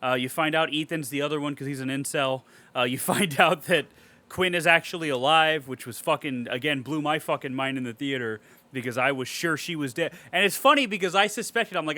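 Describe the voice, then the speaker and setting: A man recapping a movie in a casual podcast chat, excitable and swearing a lot. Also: a little high, a little fast, no echo. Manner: excitable, heavy swearing, animated storytelling. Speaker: podcast co-host.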